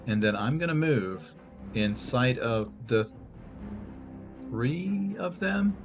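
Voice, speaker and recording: A man's voice: medium pitch, lively intonation, slow. A man playing a tabletop game, hesitant and joking, stumbling over words, with background music. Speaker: player. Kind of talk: casual tabletop play.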